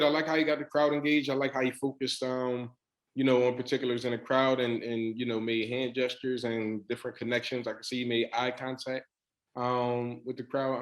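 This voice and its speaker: Male judge, steady and monotone, straightforward feedback. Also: mid-range voice, low-quality recording. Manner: plain, steady critique. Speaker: talent show judge.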